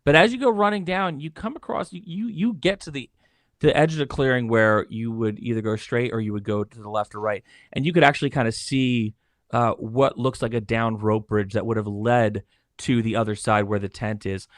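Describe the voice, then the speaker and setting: A man running a tabletop game as game master, narrating in a halting way with his voice going hoarse. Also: mid-range voice, dry recording, clean studio sound. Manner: halting, many fillers and restarts.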